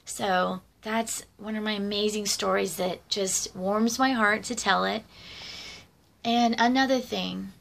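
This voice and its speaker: Brief: middle-aged woman, vocal fry, mid-range pitch, chatty rambling storyteller for a vlog. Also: fairly even intonation, slow pace, fairly bright tone. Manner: rambling, conversational, many fillers and asides. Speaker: vlogger. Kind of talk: casual personal storytelling.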